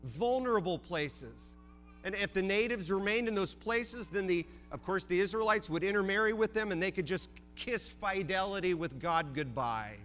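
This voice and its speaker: A man's voice: high voice, fairly bright tone, big-room sound. A man from Oregon preaching a sermon, earnest and conversational, pressing his listeners with repeated questions and restarting his words. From Oregon, USA. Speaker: pastor.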